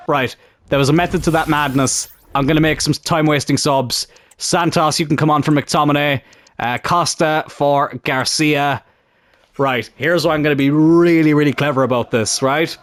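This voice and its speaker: A young man commentating on his own football video game career, calm one moment and shouting the next. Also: a little high, moderate pace. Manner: excitable, shouts at big moments. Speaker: gaming YouTuber.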